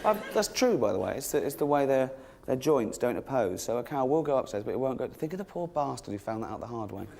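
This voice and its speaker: A middle-aged English man performing a stand-up comedy set, sardonic and sweary, jumping into shrill mock voices for the people he mocks. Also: very animated, quick pace, gravelly, few pauses, dark tone. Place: theatre stage before a laughing audience. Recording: live stage recording with audience noise.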